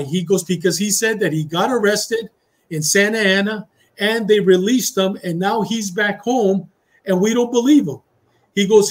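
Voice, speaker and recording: A middle-aged man, a retired police officer, telling a story in a casual interview and acting out the dialogue with Spanish phrases. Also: high-pitched. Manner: animated storyteller who acts out dialogue, slipping into Spanish phrases.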